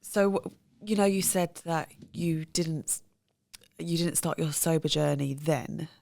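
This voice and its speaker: A woman hosting a podcast, asking the guest probing, halting questions. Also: sits low, gravelly, a little mellow, no echo, studio quality. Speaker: podcast host. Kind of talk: interview questions.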